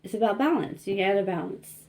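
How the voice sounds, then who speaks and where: A woman's voice: medium pitch, fast talker, darkish tone. A young woman giving a casual tarot reading, rambling and self-conscious, laughing often and filling her talk with likes and you-knows. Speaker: tarot reader.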